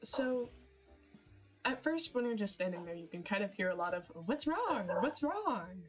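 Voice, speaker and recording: A woman's voice: medium pitch, normal speed. A young woman narrating a tabletop fantasy game as game master, hesitant with many fillers and frequent giggles. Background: background music.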